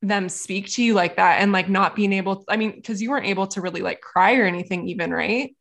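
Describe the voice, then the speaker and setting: A woman's voice: mid-range voice, quick pace, vocal fry, fairly bright tone. A woman hosting a podcast interview, asking loose, sympathetic questions full of fillers. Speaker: podcast host. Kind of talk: casual interview.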